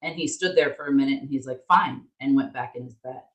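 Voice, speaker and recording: A woman co-hosting a podcast, telling a story in an animated, candid way and swearing freely. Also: rumbling low, fast talker, lo-fi sound. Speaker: podcast co-host. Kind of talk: casual storytelling chat. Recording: roomy echo.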